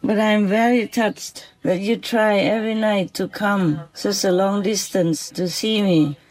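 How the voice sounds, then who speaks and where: Unhurried delivery, soft and affectionate, spiritual vlogger, calm reflective recounting. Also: mid-range voice, poor audio. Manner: soft, slow, affectionate blessings with repeated "okay?". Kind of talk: gentle personal vlog, speaking to an unseen animal at night.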